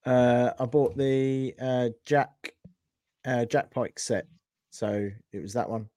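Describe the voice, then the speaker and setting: A British man co-hosting a casual podcast, speaking in a slow, relaxed way. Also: medium pitch, no room sound, clean studio sound. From United Kingdom. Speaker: podcast co-host.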